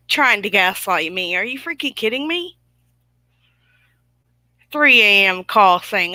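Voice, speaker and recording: A woman's voice: medium pitch, lively intonation, slow pace, long pauses, bright, forceful tone, no echo. A woman hosting a livestream, ranting with indignant, sarcastic emphasis to her viewers. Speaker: YouTube livestream host. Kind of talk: casual livestream commentary.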